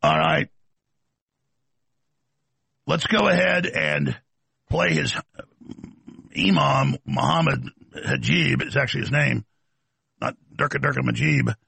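A man's voice: mid-range voice, expressive, slow pace, vocal fry, pauses often, bright, forceful tone, slightly rough, no room sound. A man hosting a talk show, delivering an aggressive, mocking rant. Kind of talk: combative talk show monologue.

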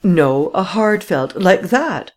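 Woman doing a matter-of-fact police commissary, measured, fairly low voice, lively intonation. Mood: questioning. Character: calm, dry male police commissary.

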